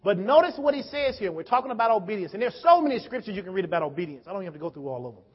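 A man preaching a sermon, telling a story and calling out to the congregation, swinging between hushed and loud. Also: high voice, big pitch swings, racing, slightly rough. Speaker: pastor. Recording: dull sound with long hall reverb.

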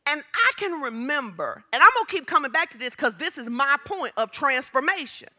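A woman pastor preaching a sermon, telling stories and acting out quotes with big jumps in her voice. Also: fairly quick. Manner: animated storytelling, acts out quotes with big pitch jumps.

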